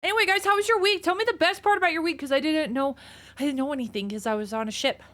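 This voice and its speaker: A woman's voice: sits high, fast, a bit bright. A woman streamer chatting casually with her viewers, a bit out of breath, greeting people by name. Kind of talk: casual chat reading viewer messages.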